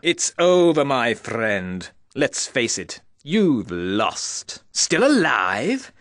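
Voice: medium pitch, big pitch swings, a bit bright, no room sound, clean studio sound, exaggerated voice. A sly, silky snake schemer. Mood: mocking. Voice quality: oily and mocking, drawn-out. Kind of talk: video game villain voice acting.

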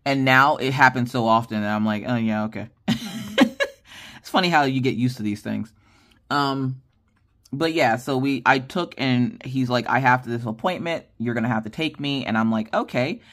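Casual vlogger, female; animated storyteller who plays every part in her anecdotes, rambling with fillers. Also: very deep voice, moderate pace. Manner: animated, acts out quoted dialogue with lively voice shifts; chatty, with many fillers and restarts. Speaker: craft channel host.

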